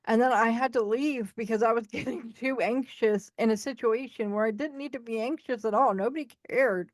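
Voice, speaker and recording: A woman's voice: on the high side, brisk, hardly any pauses, dry recording, clean studio sound. A woman co-hosting a podcast, talking candidly and animatedly about her own experiences, often acting out what other people say. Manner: frank and animated, acting out quoted voices. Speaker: podcast co-host. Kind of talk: candid conversational storytelling.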